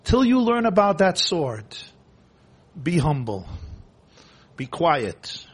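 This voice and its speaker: A man giving an impassioned sermon, repeating phrases and swinging between hushed and loud delivery. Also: fairly high pitch, sing-song, slow pace, husky.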